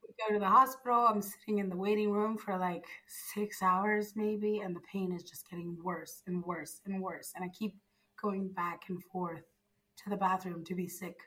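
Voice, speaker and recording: A young woman from Zimbabwe, a podcast guest, telling her story in a casual, animated way and acting out the dialogue she quotes. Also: medium pitch, normal speed, low-quality recording. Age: young adult.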